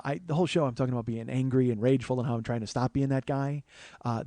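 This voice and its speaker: Man swearing through an animated story. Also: medium pitch, no echo. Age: 40s. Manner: animated storyteller, swears often, acts out the crowd in a raised voice. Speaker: comedian telling a personal story. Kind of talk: podcast storytelling monologue.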